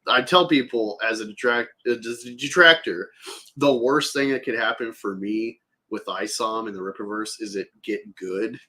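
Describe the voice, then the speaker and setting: A man with a husky, slightly rough voice that still has a bright, forward edge. He talks in a loose, rambling way, full of fillers and casual swearing, as he chats on a podcast. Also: on the low side, moderate pace. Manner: rambling, filler-heavy, profane. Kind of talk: casual chat.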